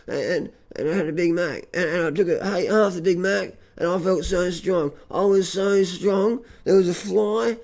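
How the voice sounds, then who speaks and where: Gravelly high-voiced Australian man rambling. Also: normal speed, hardly any pauses. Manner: stammering repetitions, heavy swearing, deadpan bragging. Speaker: comic vlogger. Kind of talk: rambling comic monologue.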